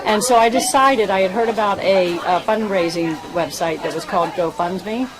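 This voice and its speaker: At a ceremony, a woman who volunteers as a fundraiser gives an earnest, heartfelt speech that rambles, often restarting her sentences. She has a mid-range voice at normal speed; the recording is rough, with crowd noise behind her.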